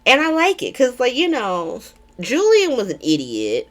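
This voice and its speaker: A woman's voice: on the high side, huge pitch swings, moderate pace, a bit bright. A woman hosting a casual recap vlog, talking in a chatty, irreverent way with frequent swearing and ums. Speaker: soap opera recap vlogger.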